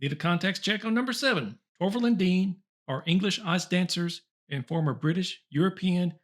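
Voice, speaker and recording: A man's voice: high-pitched, moderate pace. A man hosting a comedy show, reading old top ten lists aloud with chuckles and wry asides. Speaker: host.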